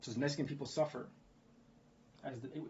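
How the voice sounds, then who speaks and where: A man's voice: mid-range voice, fairly even intonation, fast, dark tone, slight background noise. A man delivers a heated, rambling news rant in an ordinary middle-range voice, dropping swear words and asking rhetorical questions like "guess what". He circles back and repeats his points as he goes. The audio sounds a bit dull and lo-fi. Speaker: video blogger. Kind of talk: ranting commentary on news.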